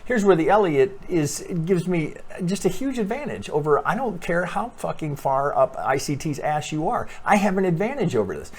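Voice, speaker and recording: A man giving a casual chart walkthrough as a trading analyst, talking animatedly, swearing freely and thinking out loud with lots of restarts. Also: fairly high pitch, big pitch swings, moderate pace, hardly any pauses, breathy edge.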